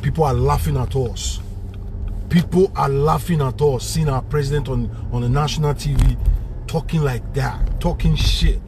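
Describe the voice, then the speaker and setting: A man's voice: medium pitch, normal speed, noisy background. A man with a Nigerian Pidgin English accent delivering a heated, repetitive political rant, switching between Pidgin and English. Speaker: vlogger.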